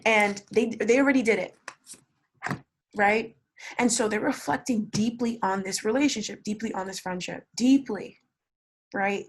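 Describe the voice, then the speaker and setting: A woman's voice: medium pitch, measured pace, pauses often, a little hiss or hum. A young woman giving a casual tarot reading, blunt and swearing, repeating words for emphasis. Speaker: tarot reader.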